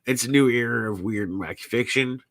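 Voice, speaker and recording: A man's voice: mid-range voice, brisk, a bit bright, no echo. A man hosting his podcast, talking casually and rambling, with lots of fillers and swearing. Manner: rambling, profane, full of fillers. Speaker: podcast host. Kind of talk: casual live-streamed farewell talk.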